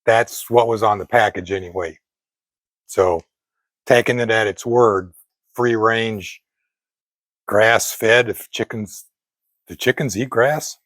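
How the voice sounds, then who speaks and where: A man's voice: on the low side, fairly bright tone, no echo. Chatty older man at the grill. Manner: chatty and meandering, with frequent pauses and self-corrections. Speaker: fitness vlogger cooking at a grill. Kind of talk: casual talk to camera. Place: outdoors at a backyard grill.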